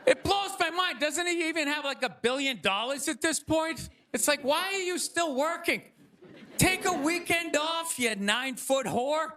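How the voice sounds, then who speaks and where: A man doing a sarcastic, ranting stand-up comedy monologue to a live audience, often shouting. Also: very high voice, normal speed, crowd noise, background noise. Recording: live stage with audience laughter. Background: audience laughter.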